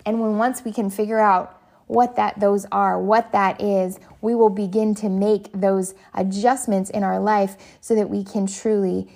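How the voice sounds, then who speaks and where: A woman's voice: medium pitch, fairly even intonation, measured pace, gravelly, darkish tone. Earnest woman giving a reflective talk. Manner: earnest, searching for words with fillers and restarts. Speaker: parenting speaker.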